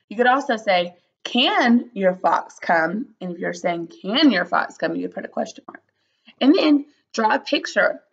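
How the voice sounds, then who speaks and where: A woman teacher giving a slow, patient early-grade phonics lesson, spelling out letters and sounding out words. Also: medium pitch, a bit bright, dull audio.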